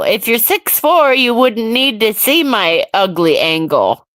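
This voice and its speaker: Slow-talking, irritated woman ranting on stream. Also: on the high side, sing-song, a bit bright, no echo. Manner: ranting, irritated, reacting to chat. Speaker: livestream host. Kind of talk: casual solo livestream chat.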